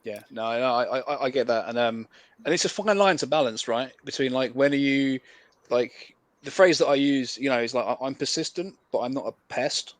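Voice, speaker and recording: An English salesman from England practices a cold call over video, chatting in a friendly, persuasive way with plenty of fillers. His voice is mid-range at a moderate pace, and the recording is dry.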